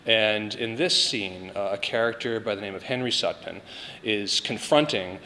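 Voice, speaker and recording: A man explains literature in a loose, halting way, full of fillers and restarts. His voice is bright and forward, a little low for a man, and it sits in a room with long reverb and a faint hiss. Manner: halting, many fillers and repeated words. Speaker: podcast co-host, literature teacher. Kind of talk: casual academic discussion.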